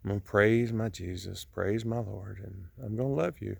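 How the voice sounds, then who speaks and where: A mourning man speaks into his own camera outside on his property, giving an emotional, preachy monologue full of halts and restarts. His fairly low voice is husky with vocal fry, and there's no echo.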